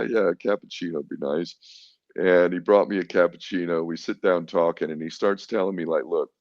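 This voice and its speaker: A man's voice: sits low, no room sound. A middle-aged man telling a story in an interview, blunt and profane, acting out his own defiant retorts. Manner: blunt, profane, defiant, acts out quoted exchanges. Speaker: podcast guest. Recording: dull lo-fi dry sound.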